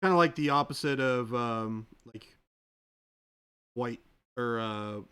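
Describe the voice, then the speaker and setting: A man's voice: medium pitch, slow pace, pushed and bright, clear, resonant tone. A man co-hosting a hobby livestream, answering chat questions in an easygoing way with a lot of fillers. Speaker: co-host of a miniature painting livestream.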